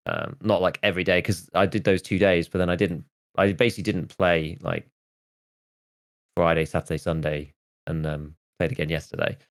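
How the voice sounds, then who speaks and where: Low-voiced man rambling on a podcast. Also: steady tone, normal speed. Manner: rambling, full of "like" and restarts. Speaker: podcast host. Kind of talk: casual chat.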